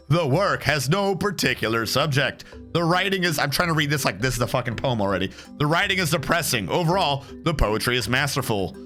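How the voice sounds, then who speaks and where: A man streams a strategy game in casual let's-play commentary, swearing freely and sarcastically riffing on what he reads aloud. His bright, forceful voice sits a little high, with faint game music underneath.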